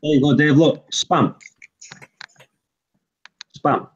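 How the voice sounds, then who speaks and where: A man's voice: on the high side, takes it slowly, lo-fi sound. A British man in a casual online group chat, playful and jokey. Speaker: chat participant.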